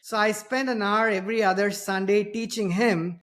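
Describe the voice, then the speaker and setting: A man's voice: high-pitched, fairly even intonation, normal speed, a bit bright. Indian-accented male host, middle-aged, talky and anecdotal, pokes fun at himself. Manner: chatty, anecdotal, self-deprecating. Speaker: podcast host. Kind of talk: casual conversation.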